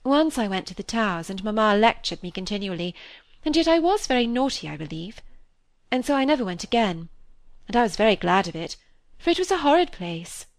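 A woman reading a classic novel aloud, voicing a restless, self-mocking young woman who talks in a lively, wry, confiding way. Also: mid-range voice, brisk, dry recording. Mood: candid.

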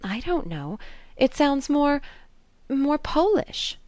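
A woman's voice: medium pitch, animated, moderate pace, no echo, close to an everyday voice. A woman reading a novel aloud, voicing a chatty young society woman who speculates with artless malice. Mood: flustered. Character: high-strung gossipy young society woman.

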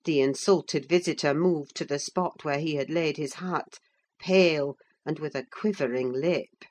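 A woman narrating a classic novel as an audiobook, in a measured, unhurried reading. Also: deep voice, darkish tone, a little hiss or hum. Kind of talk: scripted narration.

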